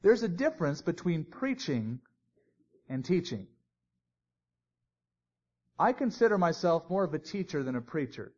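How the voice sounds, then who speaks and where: A man's voice: a little high, big pitch swings, measured pace, pauses often, darkish tone, slightly rough. A man teaching a Bible sermon in a conversational way, with joking asides. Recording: dull lo-fi recording.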